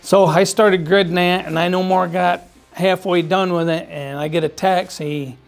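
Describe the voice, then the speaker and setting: A man's voice: high voice, fairly even intonation, normal speed, gravelly, faint music behind. A man from Michigan telling his hunting story in a plainspoken, folksy way, often repeating himself. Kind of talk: casual storytelling.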